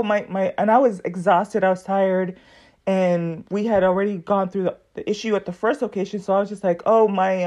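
Lady rambling through a story on her podcast, acts out everybody's lines. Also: medium pitch. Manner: animated, acts out other people's lines in quoted voices. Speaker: podcast host. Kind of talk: casual storytelling monologue.

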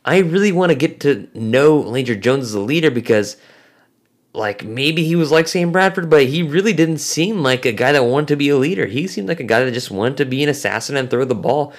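Podcast co-host, male, lively swinging pitch, filler-heavy casual sports chat. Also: brisk. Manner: animated, many fillers.

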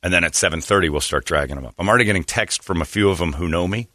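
Man, low voice, fast rambling radio host, dry studio sound. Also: bright, forceful tone, no room sound. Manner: rambling, joking, self-correcting. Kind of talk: casual morning radio banter.

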